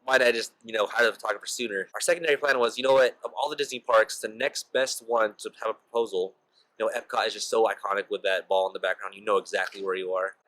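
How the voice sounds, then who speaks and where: Speaking quickly in a lowish, slightly bright voice with fairly even intonation, a young male vlogger chats through a personal anecdote, filling it with "like" and "you know." The recording quality is rough.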